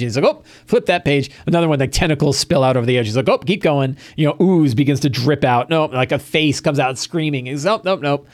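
A man's voice: on the high side, no echo, studio quality. A man hosting a game-master prep talk, casually recounting a tabletop session with frequent restarts. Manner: animated storytelling, acting out players' lines, frequent restarts. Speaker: host giving game-master prep advice.

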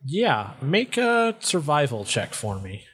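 A man narrating as game master of a tabletop role-playing game, speaking in a slow, deliberate way. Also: fairly high pitch, wildly swooping pitch, a bit bright, husky.

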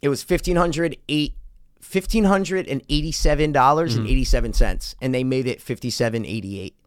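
A man telling a story in casual chat, animated and profane, acting out the other people's voices. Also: mid-range voice, normal speed, clear, resonant tone, no echo, studio quality.

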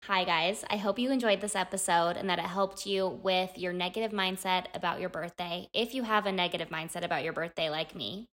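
A woman's voice: fairly low pitch, fairly quick, hardly any pauses, a bit bright. A young woman co-hosting a podcast with her mother, chatting in an agreeable, enthusiastic way. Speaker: podcast co-host. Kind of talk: casual podcast chat.

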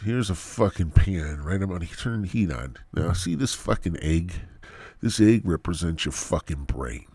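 A man's voice: low-pitched, darkish tone, slightly rough, dry recording. A man hosting a podcast, ranting crudely in a rambling comedic monologue and swearing constantly, in his thirties. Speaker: podcast host.

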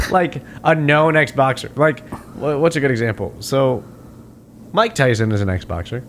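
A man's voice: medium pitch, slight background noise. A man in casual chat, animatedly retelling a film scene with plenty of swearing.

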